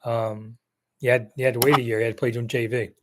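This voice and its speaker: Older guy in his 60s doing a sports live chat, rambly and jokey, mid-pitch voice. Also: little pitch movement, fast, slight background noise. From Maryland area. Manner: rambling, chatty, jokey asides. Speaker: sports show host answering live chat. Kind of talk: casual live-stream chat.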